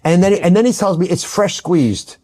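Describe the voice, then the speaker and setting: A man telling a casual story on a podcast, in a slightly raised but mellow voice. He restarts his sentences and sounds quietly amused as he recounts the scene. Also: high voice, expressive, moderate pace. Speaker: podcast guest.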